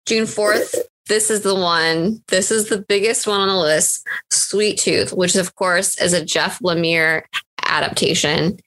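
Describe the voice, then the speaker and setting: A woman co-hosting a podcast in casual chat, chatty and giggly, running through pop culture picks with excitement. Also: fairly low pitch, measured pace. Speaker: podcast co-host.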